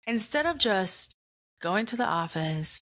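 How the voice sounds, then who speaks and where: A woman hosts a faith-based comedy podcast, her medium-pitched voice sing-song and a bit bright. She tells a self-deprecating personal story, laughing at herself and acting out other people's lines in quick put-on voices.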